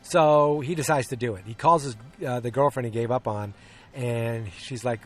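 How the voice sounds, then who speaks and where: With a mid-range voice at a moderate pace, this podcast host rambles through a casual film recap. He hesitates a lot, saying um and restarting, and dramatizes the lines he quotes.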